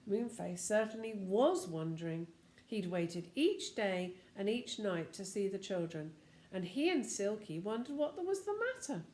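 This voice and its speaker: Older woman storyteller reading a children's book, animated pitch. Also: measured pace, reverberant. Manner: lively, addresses the listener.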